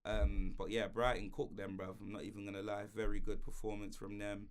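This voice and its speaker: A man's voice: on the low side, fairly quick. A young man, hosting a casual, slang-heavy football chat. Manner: animated slang-heavy banter. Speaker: football channel host.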